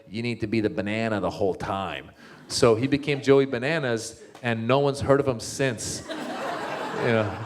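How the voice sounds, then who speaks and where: A male comedian tells a long story to a crowd. His voice sits mid-range, and it leaps up when he acts out his own reactions. He talks loosely, with plenty of restarts and fillers. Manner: animated, jumps up in pitch to act out his own thoughts. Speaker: comedian as guest speaker. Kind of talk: storytelling talk.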